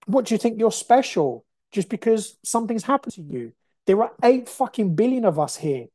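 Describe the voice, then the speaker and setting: A woman's voice: mid-range voice, warm tone, no echo. A woman hosting a motivational podcast, talking bluntly and passionately, swearing freely. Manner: blunt, profane, impassioned ranting. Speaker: podcast host.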